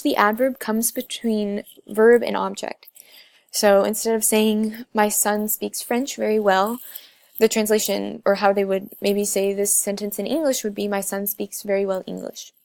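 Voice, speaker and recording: A woman's voice: mid-range voice, vocal fry, a little mellow, dry recording. A young woman narrating a class slide presentation, explaining step by step with frequent filler sounds. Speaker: student presenter.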